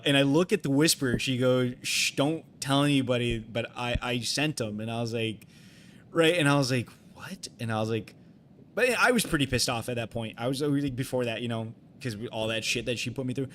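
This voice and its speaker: A man's voice: mid-range voice, a bit bright, slight background noise. A young man telling a long personal story on a live game stream, rambling with many fillers and restarts and swearing freely.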